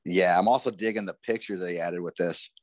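A man co-hosting a podcast, chatting in a quick, rambling and profane way. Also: sits low, fairly even intonation. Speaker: podcast co-host. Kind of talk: casual chat.

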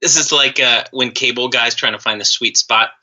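A man's voice: medium pitch, steady tone, moderate pace, bright, forceful tone, highs cut off. A man co-hosting a podcast, cutting in with joking questions in casual chat. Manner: wisecracking, jumps in with joking questions. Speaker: podcast co-host.

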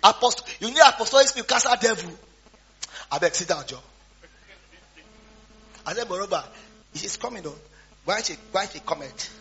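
A man preaching a storytelling sermon, swinging between quiet asides and loud shouts. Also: high voice, animated, moderate pace, pauses often. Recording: dull lo-fi sound with faint hum.

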